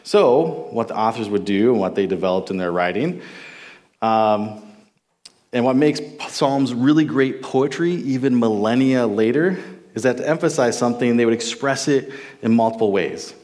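A man's voice: mid-range voice, lively intonation, normal speed, darkish tone. A man in his forties from Minnesota, teaching on a psalm in a casual, enthusiastic sermon style with frequent restarts. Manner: enthusiastic, conversational, with many restarts. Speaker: Bible teacher.

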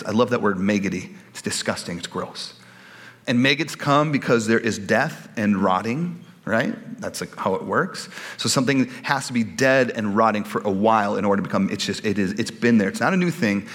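A man preaching a casual, joking sermon as a pastor, often slipping into put-on voices for quoted people. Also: mid-range voice. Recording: long hall reverb.

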